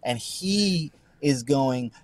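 Male pastor guest, medium pitch, sincere podcast storyteller, dry room. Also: lively intonation, drawn-out words, no room sound. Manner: earnest storytelling with many restarts. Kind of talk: conversational testimony on a podcast.

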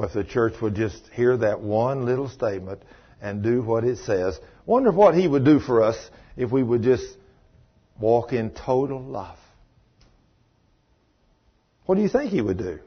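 A man's voice: big pitch swings, measured pace, long pauses, breathy edge. A man preaching a sermon, telling a story in a folksy way and acting out the voices of the people in it. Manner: folksy storytelling, voices others in high falsetto. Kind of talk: sermon with acted-out dialogue. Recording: dull lo-fi sermon recording.

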